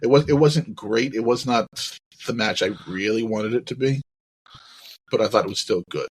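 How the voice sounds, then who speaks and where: A man's voice: lowish voice, moderate pace, husky, rough recording. A man hosting a podcast in casual chat, upbeat and leading the segments. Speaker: podcast host.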